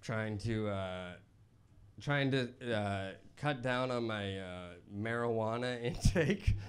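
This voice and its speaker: A man doing a stand-up comedy set on stage into a handheld microphone, with a hesitant, self-deprecating, halting delivery. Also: on the low side.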